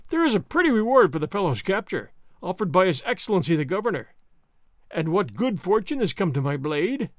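A man voicing a big, hot-tempered army sergeant who roars and blusters in a booming voice, in an audiobook reading. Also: no echo, clean studio sound. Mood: indignant.

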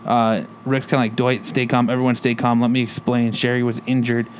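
A man's voice: medium pitch, flat delivery, brisk, slight background noise. Casual profane man recapping a show. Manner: loose, profane retelling with quoted lines. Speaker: podcast co-host recapping a TV episode. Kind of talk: casual chat.

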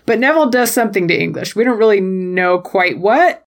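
A woman co-hosting a podcast recaps wrestling matches in a playful, jokey chat, putting on goofy voices for quotes. Her mid-range voice is brisk, with lively intonation.

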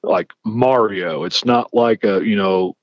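Speaking low and slow, this podcast host and ex-police chief tells casual traffic-stop anecdotes, lively as he performs each line of dialogue. There's no room sound, just a dull, dry lo-fi recording.

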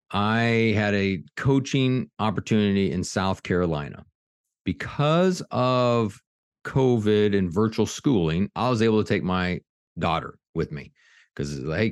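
A middle-aged man with a fairly low voice talks with earnest energy, often restarting his sentences as he tells a story. The sound is close and dry. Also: no echo. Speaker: executive coach and author, guest. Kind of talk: podcast interview storytelling.

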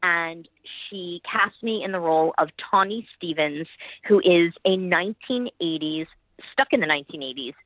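A middle-aged woman speaks as a guest on a podcast interview, tumbling from one project to the next with eager enthusiasm. Her voice sits a little low for a woman but has a bright, forward edge. The sound is close and dry, with no room around it. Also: lively intonation, normal speed, dry recording, rough recording. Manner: enthusiastic, rambling, gushing about colleagues. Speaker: actress and producer guest.

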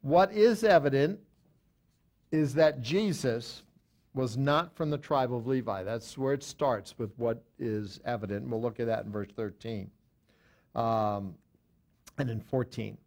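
A man's voice: mid-range voice, unhurried, darkish tone. A man teaching a Bible study, talking unscripted with many fillers and self-corrections, and reading verses aloud with added emphasis.

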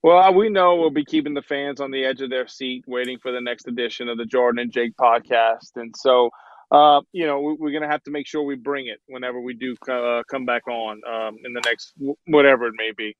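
A man's voice: mid-range voice, steady tone, a little fast, dry recording, highs cut off. A man co-hosting a casual sports podcast, teasing and playfully indignant. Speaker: podcast co-host.

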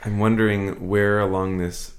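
A man co-hosting a podcast, asking a guest a thoughtful, halting question. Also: lowish voice, little pitch movement. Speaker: podcast co-host. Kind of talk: interview questions.

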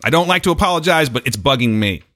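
A male podcast host with a bright, forceful voice that swings widely in pitch. He talks in loose, casual chat, laughing easily and swearing along the way. He sounds short of breath, and the recording is dry and close. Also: expressive, quick pace, no room sound.

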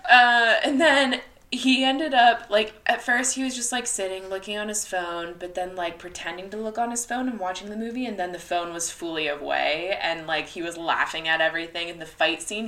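A woman's voice: on the low side, moderate pace, pushed and bright. A woman co-hosting a podcast, chatting enthusiastically about a movie, laughing and swearing along. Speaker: podcast co-host. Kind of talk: casual movie chat. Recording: roomy echo.

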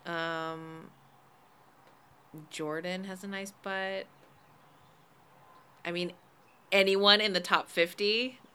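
A woman's voice: lowish voice, steady tone, extremely slow, long pauses, pushed and bright, a little hiss or hum. A woman chatting casually on a podcast, blunt and playful, often laughing.

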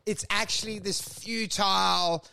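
A man, co-hosting a comedy podcast, rambling through crude stories and acting out scenes in shouted high voices. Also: fairly even intonation, unhurried, creaky, smooth. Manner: crude, swears often. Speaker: podcast co-host.

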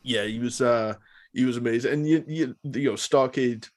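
A man chatting casually as a podcast co-host, animated and swearing, acting out what others said. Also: mid-range voice, moderate pace. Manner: animated storyteller, swears, acts out quotes. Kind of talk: casual wrestling chat.

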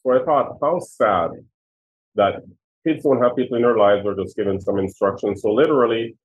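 In a medium-pitched voice at normal speed, a Jamaican man in his sixties tells emotional personal stories in answer to interview questions. He is a retired police chief appearing as a guest and speaks earnestly. The recording has a tinny, phone-line quality.

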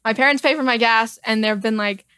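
A woman's voice: fairly high pitch, fairly quick, sharp tone, no room sound. Wry young woman, dry close sound. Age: 20s. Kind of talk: casual storytelling chat.

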